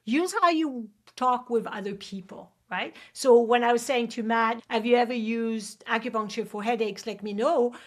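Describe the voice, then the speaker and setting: A woman with a French accent hosting a show and coaching guests, energetic and often checking in with "right?". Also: on the high side, moderate pace, hardly any pauses. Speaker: host and acupuncture coach. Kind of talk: coaching advice in a video call show.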